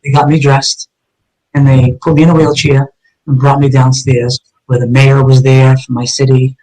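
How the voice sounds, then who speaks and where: A man's voice: mid-range voice, little pitch movement, moderate pace, darkish tone, poor audio. Earnest man telling a personal story. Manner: earnest, emotional recounting with frequent fillers. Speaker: guest, retired police detective.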